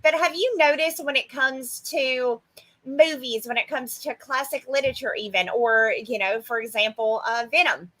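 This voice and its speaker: A woman's voice: sits high, moderate pace, sharp tone. A woman co-hosting a podcast in casual chat, blunt, profane and sarcastic. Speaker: podcast co-host.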